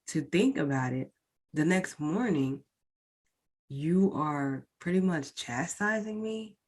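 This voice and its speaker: A woman's voice: deep voice, husky. A woman podcast host recounting a painful personal experience in a candid, emotional way, speaking directly to her listeners. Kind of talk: personal storytelling.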